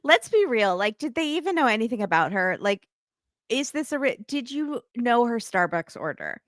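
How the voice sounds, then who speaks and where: Woman, podcast guest, somewhat high voice, incredulous, lots of fillers, dry close sound. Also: sing-song, no room sound. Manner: incredulous, full of rapid questions and fillers. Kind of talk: casual chat.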